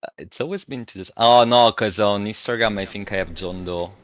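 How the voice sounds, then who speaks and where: Fond man with a lowish voice. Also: fairly quick. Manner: warm, affectionate, laughs a lot. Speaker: interviewer asking questions. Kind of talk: casual chat.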